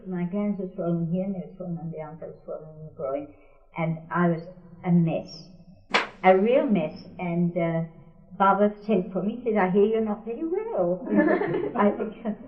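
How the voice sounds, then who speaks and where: An older woman recounting a personal memory for an oral history, wry and often laughing as she quotes others. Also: medium pitch. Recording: tinny, echoey archival tape.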